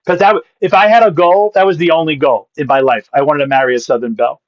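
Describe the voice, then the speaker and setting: A man in his fifties, a pastor and comedian, telling a comic story as a podcast guest with punchy delivery and quick asides. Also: on the high side, steady tone, no echo. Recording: dull, dry lo-fi sound.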